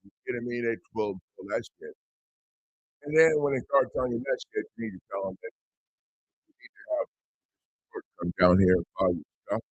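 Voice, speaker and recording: A man's voice: fairly low pitch, brisk, pauses often, husky, dry recording, highs cut off. A man in a casual livestream chat, talking in a blunt, profane and defiant way. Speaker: host.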